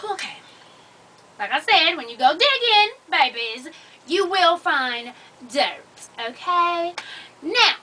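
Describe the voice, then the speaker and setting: A woman with a very high, sharp voice hosts an advice vlog, speaking blunt, sassy and profane straight to the viewer. She sounds far from the mic.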